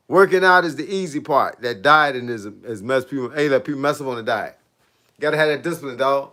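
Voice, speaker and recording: A man's voice: medium pitch, quick pace, sharp tone. A middle-aged man, a fitness coach chatting casually with viewers on a live stream, laid-back and laughing often. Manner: laid-back, repeats "hey, look" and "bro", laughs often.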